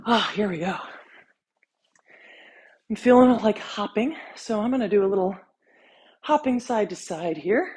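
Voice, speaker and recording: A woman fitness instructor talking a follow-along workout while she exercises, counting reps, out of breath, relaxed and encouraging. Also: mid-range voice, slightly rough.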